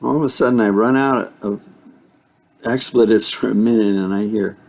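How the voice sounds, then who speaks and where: A man's voice: on the low side, normal speed, gravelly, darkish tone. An older man telling a rambling personal story in a casual way, chuckling often and making sound effects. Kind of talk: casual spoken anecdote.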